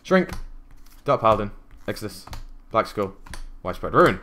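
Man, young, low-pitched, casual unboxing chat, rambling with fillers. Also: big pitch swings, moderate pace, bright, forceful tone, slight background noise. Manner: chatty, muses aloud with many ums and uhs. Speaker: card-opening YouTuber.

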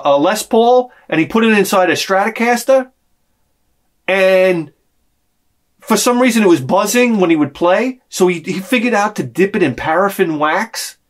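Profane rambling male vlogger. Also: sits high. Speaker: vlog host. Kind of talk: casual ranting monologue.

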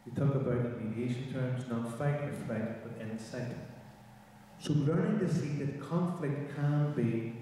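Guy giving a slow thoughtful talk, mellow voice, big echoey chapel, mic way off. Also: mid-range voice, recorded from a distance, a little hiss or hum. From Northern Ireland. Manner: measured, thoughtful, asks the audience questions. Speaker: mediator leading a workshop. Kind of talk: reflective talk with a poem reading. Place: large chapel.

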